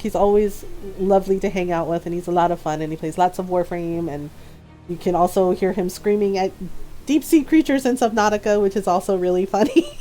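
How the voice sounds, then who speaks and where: A woman streamer chatting casually on a live stream, animated and laughing often as she tells stories. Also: medium pitch. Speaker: game streamer.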